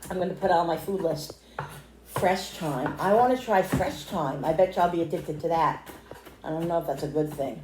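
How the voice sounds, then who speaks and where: A woman's voice: fairly low pitch, moderate pace, darkish tone, reverberant, a little hiss or hum. A middle-aged woman talking casually to viewers while cooking, rambling and emotional, often calling them guys. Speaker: cooking vlogger. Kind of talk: chatty cooking vlog. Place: home kitchen.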